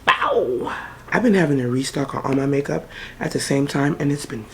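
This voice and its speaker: A woman's voice: low-pitched, normal speed, background noise. A woman vlogger chatting casually through a makeup haul, swearing freely and breaking into song now and then.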